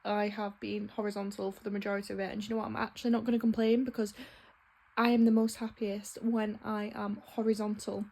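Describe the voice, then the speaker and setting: Chatty woman with a husky voice. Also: medium pitch, level tone, brisk, warm tone. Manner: chatty and ranting, frank, swears freely. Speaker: book vlogger. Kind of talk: casual vlog chat.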